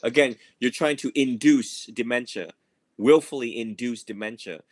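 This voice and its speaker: A man's voice: medium pitch, moderate pace, no echo. A man teaching a group on a call, in a casual, playful dharma talk, laughing often and mimicking his students. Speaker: Buddhist monk teaching a group. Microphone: video or phone call.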